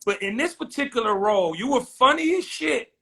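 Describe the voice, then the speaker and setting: Bright, high-voiced man gushing with praise. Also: lively intonation, brisk, gravelly. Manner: effusive, admiring. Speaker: host. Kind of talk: casual livestream chat.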